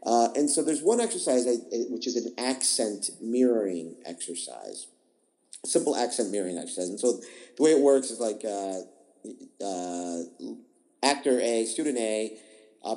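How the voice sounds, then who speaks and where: Mellow-voiced man explaining improv teaching. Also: lowish voice, sing-song, moderate pace, rough recording. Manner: thoughtful, explanatory, with frequent restarts and repeated words. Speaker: improv teacher, podcast guest. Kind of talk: conversational interview answer.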